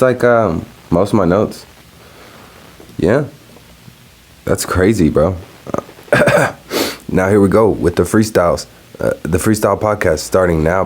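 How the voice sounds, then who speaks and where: Deep-voiced man rambling on a solo podcast. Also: a little mellow. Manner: loose, profane, storytelling with laughs. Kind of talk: casual solo podcast rant.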